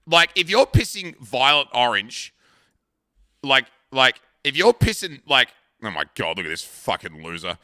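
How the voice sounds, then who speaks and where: Bright, crisp Australian man in his thirties. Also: medium pitch, very animated, measured pace, no room sound, clean studio sound. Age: 30s. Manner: crude, rambling storyteller, swears freely. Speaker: live streamer. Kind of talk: casual chat with stream viewers.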